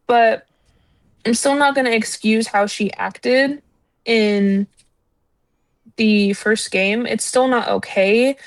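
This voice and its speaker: A woman co-hosting a casual podcast chat, ranting in an animated, exasperated way and swearing freely. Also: mid-range voice, no room sound. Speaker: podcast co-host.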